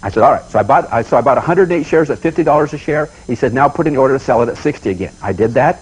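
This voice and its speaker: A man from the United States giving a motivational talk, in the manner of a folksy storyteller. His speech comes quickly and his voice is husky. He is animated and often circles back to repeat a point. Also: mid-range voice, rough recording. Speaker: seminar speaker.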